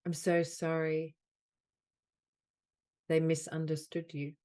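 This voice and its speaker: A woman leading a guided healing session as a soul mentor on a group call. She speaks in slow, soothing, repeated phrases. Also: sits low, monotone, a little mellow. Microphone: video call.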